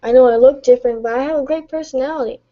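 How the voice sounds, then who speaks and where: A tired woman speaking softly and haltingly in a late-night confessional live stream from home, stumbling and restarting as she gets emotional. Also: sits high, lo-fi sound. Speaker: vlogger.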